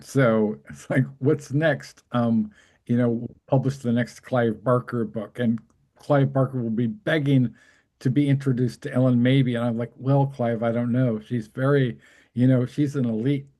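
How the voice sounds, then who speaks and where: Excited rambling man with a mellow voice. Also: mid-range voice, unhurried. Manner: excited, rambling, laughs often. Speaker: host. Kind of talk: casual chat.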